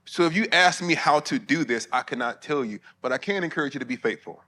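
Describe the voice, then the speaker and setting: A middle-aged preacher and theologian from Alabama, US, delivers a conference sermon before pastors in a conference hall. His voice is on the high side, expressive and sharp, with a quick pace, and he keeps it conversational and humorous, with asides to the audience.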